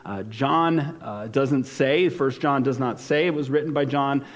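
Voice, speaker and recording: A pastor giving a conversational sermon with frequent fillers and restarts. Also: male voice, mid-range voice, measured pace. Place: church sanctuary. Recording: long church hall reverb.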